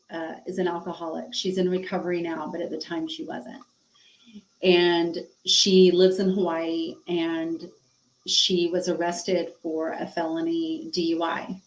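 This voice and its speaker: A middle-aged woman with a fairly low voice speaks openly about her past, with emotion and frequent fillers. She acts out old conversations as she tells them. The sound is a little roomy, with echo around her. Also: a little mellow. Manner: emotional, frank, with many fillers and quoted dialogue. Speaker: podcast guest. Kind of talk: candid personal storytelling.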